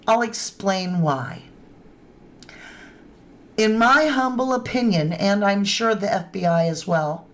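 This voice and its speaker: Hosting a true crime livestream, a woman with a fairly bright, mid-range voice talks casually and directly to her viewers, her grammar loose and informal.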